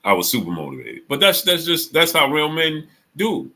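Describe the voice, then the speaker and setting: A man talks to his live-stream audience in a bright, forceful voice with speech. He tells stories with energy, acting out what his friend said, then greets viewers in the chat one by one. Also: a little high, normal speed. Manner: animated storytelling, acts out friend's quotes. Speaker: sports channel host.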